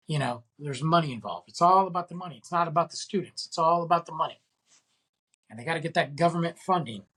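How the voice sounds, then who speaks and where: A man's voice: a little high, fairly bright tone, breathy edge. A man hosting a podcast, ranting in an exasperated, casual way and firing off rhetorical questions. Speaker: podcast host.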